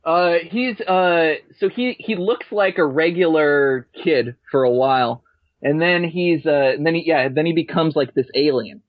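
A man's voice: fairly high pitch, measured pace, no room sound. A man guesting on a podcast, chatting casually and easygoing, often restarting his sentences. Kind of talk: casual chat. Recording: dry tinny phone-like line.

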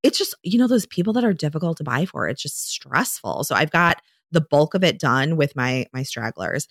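A woman with a low voice co-hosts a podcast in easy, rambling chat. She talks with many fillers and restarts. The sound is dry and close. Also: big pitch swings, moderate pace, dry recording. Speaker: podcast co-host; dietitian. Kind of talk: casual chat.

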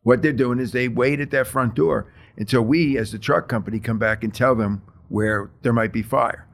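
Middle-aged firefighter guy telling his fire story in an interview, steady and plain, lots of ums. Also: medium pitch. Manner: plain, measured retelling with many fillers.

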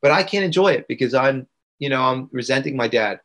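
A man's voice: mid-range voice, expressive, a little fast, a bit bright. A man, a guest on a podcast, earnestly telling a personal story and emphatically repeating key words. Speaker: podcast guest, integration coach.

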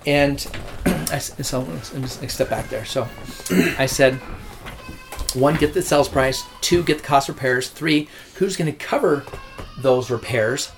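A real estate agent casually recounting a deal with a client, rambling with restarts and acting out quotes. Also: male voice, medium pitch, measured pace, gravelly, over music. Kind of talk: casual storytelling.

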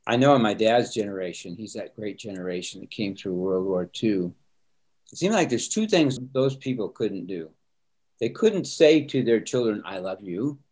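An older man who serves as a pastor talks in a low, settled voice. He is earnest and open about emotion, and a light laugh comes easily to him. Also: expressive, moderate pace, darkish tone. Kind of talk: candid interview talk.

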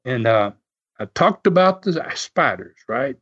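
Guy spinning old road stories, lively up-and-down voice, laughs a lot, kinda dull lo-fi audio. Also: medium pitch, measured pace, husky. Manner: animated, laughs often, restarts sentences. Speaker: podcast host telling wrestling stories. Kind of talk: casual storytelling.

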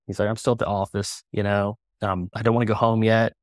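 A middle-aged man talking casually as a podcast guest, relaxed and full of fillers. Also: on the low side, fairly quick, hardly any pauses, no echo, clean studio sound. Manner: relaxed, conversational, many fillers. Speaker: guest, company co-founder.

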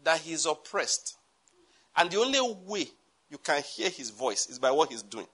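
A man with a Nigerian accent delivers a church sermon. His voice is bright and sits a little high. He moves between stern warnings and joking asides, laughing at his own lines. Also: sing-song, normal speed, slightly rough. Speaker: pastor.

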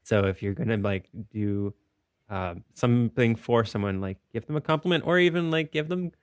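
A man's voice: medium pitch, moderate pace, dry recording, clean studio sound. A man co-hosting a podcast in casual chat, playful and jokey, reading listener questions. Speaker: podcast co-host.

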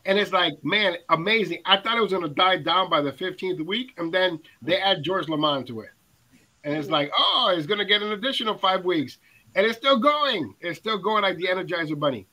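A man's voice: sits high, animated, brisk, pushed and bright, rough recording. A man hosting a casual music panel, enthusiastic and chatty with frequent fillers. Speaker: radio countdown host.

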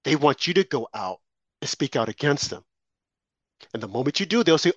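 A man's voice: fairly high pitch, big pitch swings, brisk, pauses often, dry recording, muffled recording. A man co-hosting a political talk show, delivering impassioned, preachy commentary full of rhetorical questions and warnings.

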